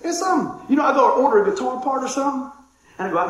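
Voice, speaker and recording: A man preaching a conversational sermon, excitable and chatty, dropping to a hush and then shouting with excitement. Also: very high-pitched, fast talker. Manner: excitable, conversational, swings from loud to hushed. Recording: very echoey room.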